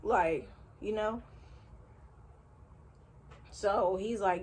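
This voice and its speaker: A young woman with a fairly low voice tells a storytime on camera at home, animated and slangy, cursing freely as she goes. A faint hum of household noise sits under her voice. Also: normal speed. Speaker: vlogger. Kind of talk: casual storytime vlog. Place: home room, vacuum running nearby.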